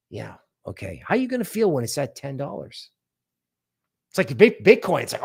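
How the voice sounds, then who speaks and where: A man's voice: mid-range voice, normal speed, vocal fry, slightly rough. A man hosting a crypto livestream, talking casually and animatedly, often mocking other people's worries in quoted voices. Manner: animated, sarcastic, mock-quoting others.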